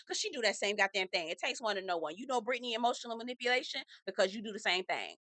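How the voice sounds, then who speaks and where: Brief: woman vlogger, higher voice, sassy and profane gossip recap, animated. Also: quick pace, hardly any pauses, dry recording. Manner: animated, acts out quotes. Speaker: reality TV reviewer. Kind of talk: casual recap vlog.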